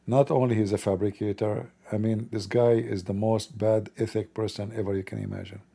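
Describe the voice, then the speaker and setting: A middle-aged man hosts a livestream, his lowish voice warm in tone. He swings between casual chat and blunt, mocking preaching delivered in broken grammar.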